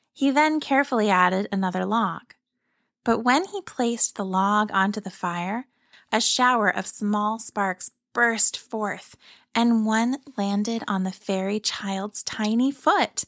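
Gentle woman reading a bedtime story. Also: medium pitch, no echo, clean studio sound. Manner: gentle, measured, slow storytelling. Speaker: storyteller and podcast host. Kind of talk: children's story narration.

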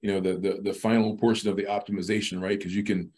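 Man, middle-aged, podcast guest, low voice, halting, repeats words. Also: little pitch movement, a little mellow, breathy edge. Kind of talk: casual interview talk.

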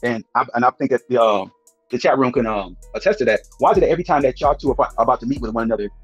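A man's voice: mid-range voice, rapid-fire, slightly rough, dry recording, soft background music, rough recording. A man hosting a live stream, pressing a guest with probing questions and cutting in to challenge her. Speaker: host.

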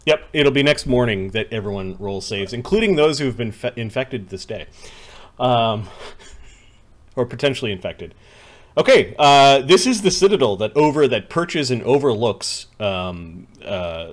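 A man's voice: on the low side, lively intonation, moderate pace. A man narrating a tabletop game as game master, rambling with many fillers and restarts.

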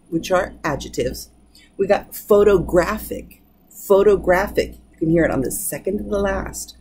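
Mellow-voiced woman teaching word stress. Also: lowish voice, a little hiss or hum, rough recording. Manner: repeats each example word slowly and deliberately. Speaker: English pronunciation teacher. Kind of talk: pronunciation lesson.

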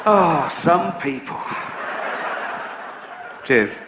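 A man's voice: fairly high pitch, animated, drawn-out words, muffled recording, over a noisy crowd, heavy background noise. A middle-aged man doing a stand-up routine, telling a story sardonically and swearing casually. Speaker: stand-up comedian. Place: live stage show.

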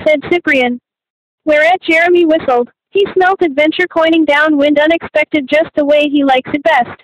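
A woman's voice: high voice, moderate pace, no echo, muffled recording. A woman reading a novel aloud as an audiobook narrator, in scripted narration.

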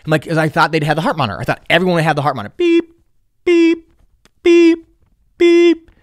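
A man's voice: on the high side, animated, rapid-fire, fairly bright tone, dry recording, studio quality. Young man telling a rambling story. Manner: rambling, profane, with sarcastic asides. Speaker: podcast host. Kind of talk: casual personal storytelling.

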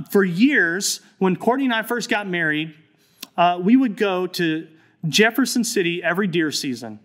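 Guy pastor preaching, fairly high voice, chatty storytelling, earnest. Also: fairly bright tone. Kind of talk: sermon.

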